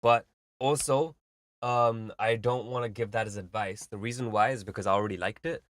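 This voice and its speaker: A man with a low-pitched voice talks through music feedback on a live stream, loose and rambling with plenty of fillers. He explains his points through analogies. The sound is dry and close, with no room around it. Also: fairly even intonation, normal speed, a bit bright, dry recording. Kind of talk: casual live-stream commentary.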